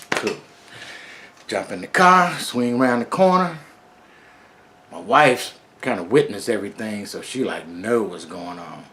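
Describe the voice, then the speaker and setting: A man's voice: fairly low pitch, animated, a little slow, long pauses, bright, forceful tone. A middle-aged man casually telling a first-person story in a laid-back, streetwise way, with plenty of profanity.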